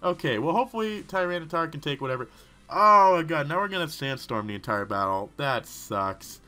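Excitable young-sounding man on lively commentary. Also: fairly high pitch, brisk, soft background music. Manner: excitable, rambling, talks to the game characters. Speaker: let's play host. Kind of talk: gaming commentary.

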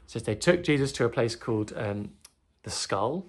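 Kids bible teacher, reads the story and keeps asking "didn't he?", voice swings up and down a lot, a bit husky. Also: medium pitch, moderate pace. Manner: animated, asks children tag questions. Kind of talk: storytelling Bible lesson for children.

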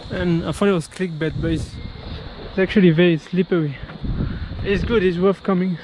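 A young man talks into an action camera while hiking outdoors, tossing off blunt, casual comments with a curse here and there. His voice sits slightly higher than most men's, and a faint hiss of outdoor noise runs behind him. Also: steady tone, moderate pace. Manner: offhand, blunt remarks with casual swearing. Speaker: travel vlogger. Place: outdoors on hiking trails and in caves.

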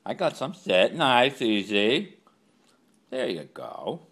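A man's voice: low-pitched, sing-song, unhurried, a bit bright. A man talking to his pet dog at home in coaxing, sing-song baby talk. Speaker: dog owner.

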